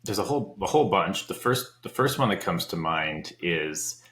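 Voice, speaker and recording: A man's voice: deep voice, animated, moderate pace, a bit bright. A man speaking as a guest on a business podcast, reflective and searching for his words in loose phrases. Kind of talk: casual podcast conversation. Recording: roomy echo.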